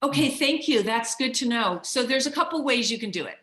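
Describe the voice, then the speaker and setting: A woman's voice: high voice, lively intonation, brisk, fairly bright tone, reverberant. A woman hosting a casual group video call, cheerful and encouraging, calling on people by name. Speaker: call host.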